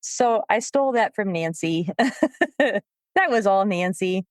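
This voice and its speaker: A woman co-hosting a podcast, a dog trainer telling stories with a lively manner and frequent laughter. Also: mid-range voice, slow pace, dry recording, studio quality. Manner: lively storyteller, laughs often. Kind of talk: casual podcast chat.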